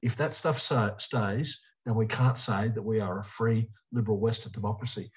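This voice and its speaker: A man's voice: lowish voice, fairly even intonation, moderate pace, low-quality recording. An Australian man, a politician being interviewed, speaking emphatically and repeating short punchy phrases. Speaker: politician guest. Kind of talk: interview answers.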